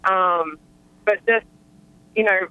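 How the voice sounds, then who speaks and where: A woman's voice: mid-range voice, slow, clear, resonant tone. A young adult woman calling in to an advice show, speaking hesitantly with many fillers. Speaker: caller. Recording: muffled phone line.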